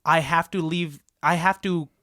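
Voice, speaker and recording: Guy with a pretty high voice on a podcast, kinda hesitant, lots of ums, dead dry studio mic. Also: fairly even intonation, measured pace, sharp tone, dry recording. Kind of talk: casual podcast banter.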